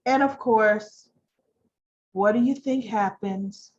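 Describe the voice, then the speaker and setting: A woman casually recapping a soap opera, chatty and animated, who keeps clearing her throat. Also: medium pitch, slow pace, lo-fi sound. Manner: chatty, animated storytelling with rhetorical questions.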